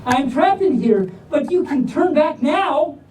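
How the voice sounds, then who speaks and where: A grumpy, easily scared male rock stuck inside a storybook, as a woman reads him aloud. He whines and stretches his exclamations out dramatically, his voice swinging high and low. The reading sounds roomy and a little distant, as if picked up from across a hall. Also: animated, darkish tone, slight background noise. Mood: complaining. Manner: whiny and dramatic, drawn-out exclamations. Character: grumpy, fearful male rock trapped in a book. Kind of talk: storybook reading to a live audience.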